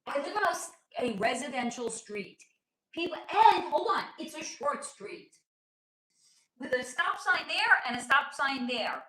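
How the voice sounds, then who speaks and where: American woman, livestream host, high and bright, rambling and swearing, roomy sound. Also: unhurried. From United States. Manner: animated, swearing, rambling asides. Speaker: psychic reader on a livestream. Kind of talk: casual livestream chat.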